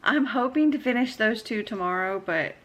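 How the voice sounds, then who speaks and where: A woman's voice: on the high side, expressive, moderate pace, a bit bright. A woman chatting casually in a vlog, recorded on a phone camera indoors, rambling and laughing easily. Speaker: book vlogger. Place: indoors at a house.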